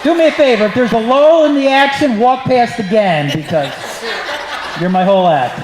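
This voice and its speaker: A man's voice: extremely high pitch, animated, normal speed, crowd noise. A man doing a stand-up set on a club stage, brash and profane as he teases the audience. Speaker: stand-up comedian. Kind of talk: stand-up set with crowd work. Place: comedy club stage before a live audience. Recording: echoey club with audience laughter.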